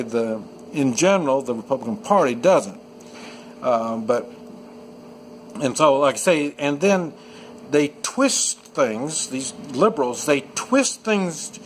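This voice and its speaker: A man's voice: mid-range voice, slight background noise, poor audio. Rambling man talking off the cuff. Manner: rambling, many restarts and fillers. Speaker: video commentator. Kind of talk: unscripted opinion monologue. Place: at home in the countryside.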